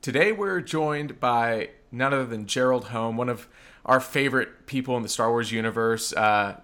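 A man's voice: medium pitch, fairly bright tone. Eager male podcast host. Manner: eager, enthusiastic, some repeated starts. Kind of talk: podcast interview.

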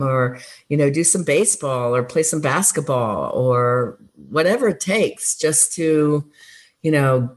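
A woman who worked as a school counselor, giving earnest, encouraging advice in a relaxed interview, with frequent fillers. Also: low-pitched. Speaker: former school counselor, guest. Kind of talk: conversational interview answers.

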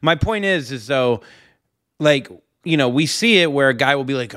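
Smooth-voiced man, teasing co-host. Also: medium pitch, animated, normal speed, a bit bright, no room sound, clean studio sound. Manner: teasing, probing questions. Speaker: podcast co-host. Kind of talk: casual podcast chat.

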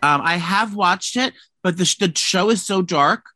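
A man's voice: high voice, moderate pace, bright, forceful tone, soft background music. A man co-hosting a casual gossip podcast, telling a profane, rambling story full of restarts. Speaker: podcast co-host.

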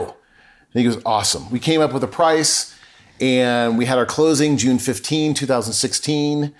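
A man's voice: mid-range voice, normal speed. A middle-aged man talking as a podcast guest, telling a personal story earnestly and acting out remembered conversations. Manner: earnest, acts out remembered dialogue.

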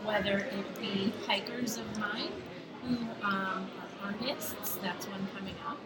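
A woman's voice: mid-range voice, steady tone, measured pace, far from the mic. A woman who guides hikes and podcasts, chatting casually with many fillers at a convention. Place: busy convention hall. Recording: loud crowd behind.

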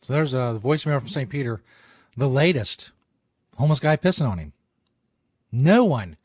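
A man's voice: medium pitch, fairly quick, a little mellow. A male host chatting casually on his comedy show, wry and laid-back, with the odd swear.

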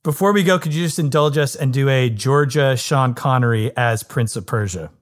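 A man's voice: medium pitch, normal speed. A man co-hosting a casual interview, reacting with enthusiastic short comments. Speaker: co-host.

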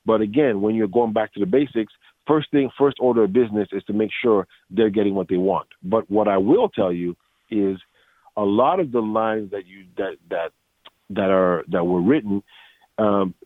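A man with a lowish voice tells stories in an animated way, acting out what others said and often restarting his sentences. The sound is thin and phone-like, and the recording is dry. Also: moderate pace, no room sound. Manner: animated storyteller, acts out quotes, many restarts. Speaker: voice actor guest. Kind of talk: casual interview. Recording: dry tinny phone-like line.

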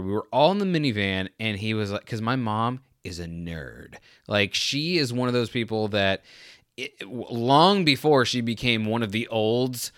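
A young adult man in a casual comedic rant, animated and exasperated, mocking other drivers. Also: lowish voice, clear, resonant tone, no room sound, studio quality.

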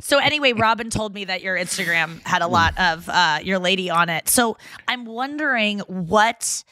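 A woman's voice: medium pitch, lively intonation, normal speed, pushed and bright. A young woman from St. Louis hosting a casual podcast chat, rambling and laughing often. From St. Louis, USA. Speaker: podcast host.

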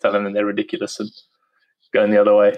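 A man's voice: on the low side, completely flat delivery, quick pace, muffled recording. A man in his thirties with a South African accent, chatting casually as an interview guest and laughing easily. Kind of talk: casual conversation.

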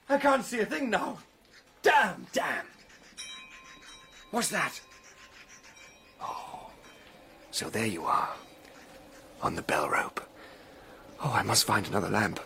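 A jittery young scholar talking to himself in a radio play. His pitch runs fairly high, and it rises and falls a great deal. He speaks slowly against a faint hiss. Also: sing-song, bright, forceful tone, exaggerated voice. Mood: frightened. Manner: talks to himself, jittery and easily spooked. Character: nervous young male scholar alone in a haunted room.

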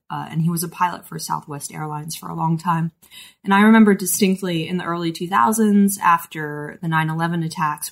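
Low-voiced female co-host. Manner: personal, conversational questioning. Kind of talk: interview hosting.

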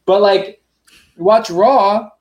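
A man's voice: high voice, extremely slow, muffled recording. A man on a podcast ranting bluntly, swearing often in casual chat.

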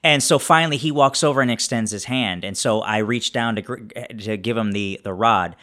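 A man playing a tabletop role-playing game, narrating his character's actions in a halting way with many restarts. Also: lowish voice, sharp tone. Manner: halting, many restarts while describing scenes. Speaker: player.

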